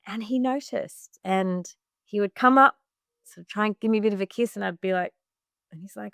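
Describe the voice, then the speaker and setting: A woman's voice: mid-range voice, a bit bright, clear, resonant tone, no room sound. Woman, health coach guest on a podcast; earnest storyteller, mid-range voice, dry close mic. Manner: earnest, acts out her own past remarks in quotes; frequent "like" fillers. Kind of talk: personal storytelling in a podcast interview.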